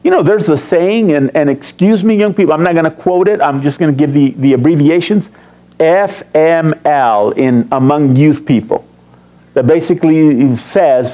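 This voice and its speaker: A man's voice: a little high, moderate pace, dark tone, muffled recording. A man preaching a sermon as pastor, teasing and quizzing his congregation. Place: church sanctuary.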